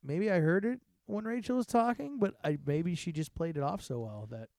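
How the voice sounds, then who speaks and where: A man's voice: high voice, lively intonation, normal speed, darkish tone, no room sound, studio quality. A man co-hosting a podcast in laid-back, rambling casual banter. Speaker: podcast co-host.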